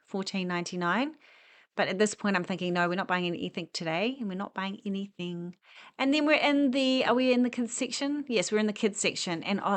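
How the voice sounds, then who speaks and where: A woman's voice: mid-range voice, fairly bright tone. Chatty woman touring a store. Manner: chatty, enthusiastic, rambling asides. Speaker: home decor vlogger. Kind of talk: casual walk-through chat. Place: inside a large furniture store.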